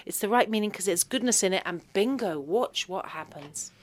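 A woman, a podcast guest telling personal stories with lively, self-deprecating humor. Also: mid-range voice, a little fast. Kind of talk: conversational storytelling.

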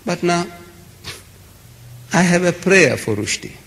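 A man delivers an impassioned lecture to a live audience, hammering his points with repeated lists. His voice sits a little high and swings widely in pitch. The sound rings with the long reverb of a large hall. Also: lively intonation, slow, a bit bright. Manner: emphatic, repetitive, building lists. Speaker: public speaker. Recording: echoey hall.

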